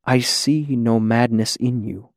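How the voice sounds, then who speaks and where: A man voicing a grave, troubled male lord who speaks quietly and softly. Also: mid-range voice, steady tone, takes it slowly, no echo, studio quality. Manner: quiet and soft-spoken, grave. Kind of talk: audiobook character voice.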